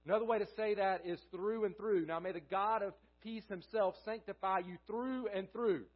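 Male pastor, high voice, sermon, repeats key phrases, asks and answers questions, dull lo-fi recording. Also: steady tone, normal speed. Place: church sanctuary.

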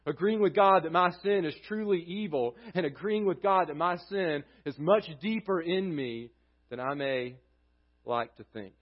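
Earnest high-voiced male pastor preaching. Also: lively intonation, normal speed, dull audio. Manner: earnest preaching, voice dropping low at phrase ends. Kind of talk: sermon.

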